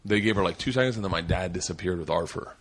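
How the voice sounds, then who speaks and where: A man's voice: low-pitched, fast talker, a little hiss or hum. A man in his forties hosting a podcast, telling rambling, profane stories and laughing his way through them. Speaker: podcast host. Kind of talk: casual storytelling.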